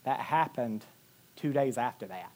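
A male pastor preaching a sermon, telling personal stories with lively delivery, acting out quotes and swinging from loud to quiet. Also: mid-range voice, a little slow. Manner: animated storytelling, acting out quotes with big swings in loudness.

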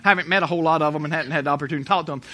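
A man's voice: a little high, steady tone, racing, sharp tone. A male preacher delivering a sermon in an emphatic, storytelling way, hammering repeated phrases.

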